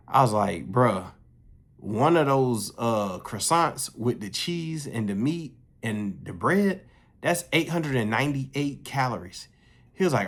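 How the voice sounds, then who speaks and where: A young man telling a casual story, profane and animated, jumping his voice up high when he quotes others. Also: a little slow.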